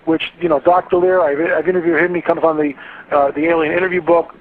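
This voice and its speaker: A man's fairly high voice comes through a thin, phone-like radio line. He tells his stories with fervor as an interview guest, often doubling words as he builds momentum. It sounds like a call-in segment of a talk radio show. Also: fairly even intonation, quick pace, a little hiss or hum. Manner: fervent storytelling, repeats words when building up.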